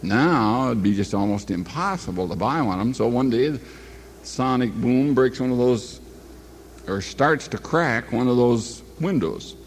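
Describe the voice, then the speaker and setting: A man's voice: mid-range voice, lively intonation, unhurried, slight background noise. An older man telling a long personal anecdote in a folksy, meandering way, often stopping to correct himself. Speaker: storyteller. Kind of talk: rambling spoken anecdote.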